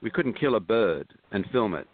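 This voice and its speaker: A man's voice: on the low side, animated, normal speed. A man who is a film director, guest on a show, telling rambling, hesitant anecdotes full of ums and chuckles. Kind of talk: anecdotal storytelling in an interview. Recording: tinny phone-line sound.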